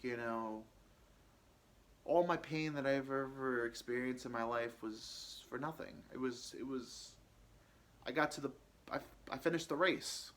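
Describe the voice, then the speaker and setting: Podcaster, male, mid-pitched; halting, rambling first-person storytelling. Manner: rambling, halting, many fillers and restarts. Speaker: podcast host telling his own story.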